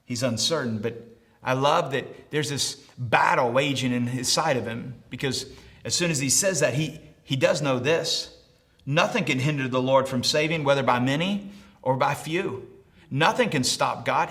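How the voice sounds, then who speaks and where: A man preaching a sermon as pastor, repeating phrases and acting out the people in his story, rising to shouts at the high points. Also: normal speed. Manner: animated preaching, repeats lines and acts out quotes, shouts at peaks. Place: church service, also streamed online.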